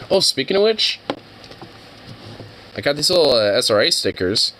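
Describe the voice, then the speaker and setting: In a mid-range, sing-song voice that's bright and forceful, a young streamer reacts to videos at normal speed, leaving long pauses. He rambles profanely with many fillers, and the low-quality audio has slight background noise.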